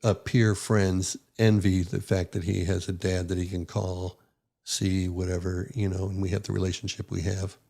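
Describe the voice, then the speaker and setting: A man's voice: sits low, flat delivery, moderate pace, vocal fry, dark tone. An older man, a retired naval officer, telling a personal story in a casual, folksy way and acting out the quotes. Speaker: podcast guest, retired rear admiral.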